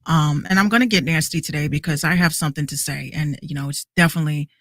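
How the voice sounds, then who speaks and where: A woman's voice: sits low, fast, background noise. A woman in her thirties hosting a podcast, ranting heatedly with lots of restarts and swearing. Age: 30s. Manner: heated, repetitive, swearing rant with many restarts. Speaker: podcast host. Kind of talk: casual podcast rant.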